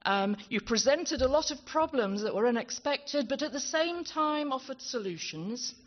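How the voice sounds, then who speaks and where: A woman with a high-sitting, expressive voice speaks at normal pace, delivering a thank-you at a conference's closing ceremony. She's chatty and self-deprecating, tripping over her words as she holds a handheld microphone. The audience can be heard behind her in the dull-sounding hall.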